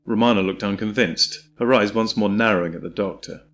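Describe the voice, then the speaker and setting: A man reading an audiobook in a measured, descriptive storytelling manner. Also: fairly low pitch, a bit bright. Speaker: audiobook narrator. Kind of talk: scripted audiobook narration.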